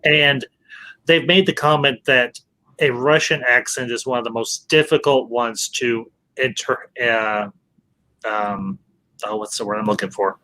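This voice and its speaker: A man's voice: medium pitch, steady tone, a little slow, sharp tone. A man hosting a casual movie review chat, emphatic and restarting his words often. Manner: emphatic, keeps saying "I'll say this"; frequent word restarts. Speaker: host.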